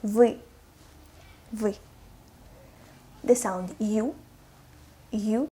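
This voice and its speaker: A young woman giving a pronunciation lesson, sounding out each example clearly and repeating it. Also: mid-range voice, steady tone, extremely slow, dark tone. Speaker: language teacher.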